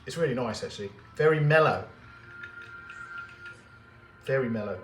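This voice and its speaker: A man's voice: mid-range voice, lively intonation, normal speed, a bit bright. Chatty jeweller guy rambling while he works, roomy workshop sound with music going behind. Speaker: jeweller and live stream host. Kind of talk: casual chat while working.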